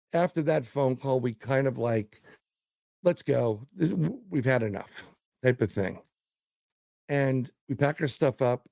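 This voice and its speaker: A man's voice: medium pitch, vocal fry, mellow, no room sound. A man, a paranormal investigator, telling a story as a guest in a casual interview; he rambles, repeats words and acts out quotes.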